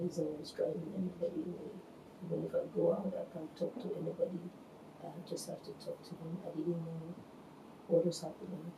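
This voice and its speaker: Woman, 40s, from Nigeria, halting testimony; low mellow voice, roomy echo. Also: background noise. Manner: halting, hesitant storytelling. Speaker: reality show contestant. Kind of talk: emotional personal testimony. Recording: echoey room, faint ambience.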